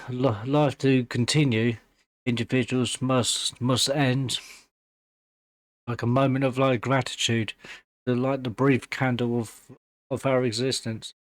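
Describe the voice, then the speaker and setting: A man hosting a music reaction video, talking in halting, emotional bursts full of fillers and restarts while fighting back tears. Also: medium pitch, no echo. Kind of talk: casual reaction commentary.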